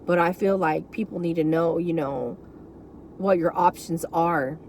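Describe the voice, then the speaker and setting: A woman's voice: fairly low pitch, unhurried, darkish tone, a little hiss or hum. A woman candidly telling her caregiving story in an unscripted, emotional talk from inside a car, full of asides. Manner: frank, emotional, rambling with many asides. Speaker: vlogger sharing caregiving story.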